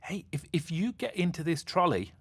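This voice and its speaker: An excitable, kind-hearted young boy, his voice lifted high and bouncing with feeling, as a man reads him aloud. The delivery is animated and the sound dry and close. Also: moderate pace, slightly rough, no room sound, heavily acted. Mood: eager. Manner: bright, shouty and excitable.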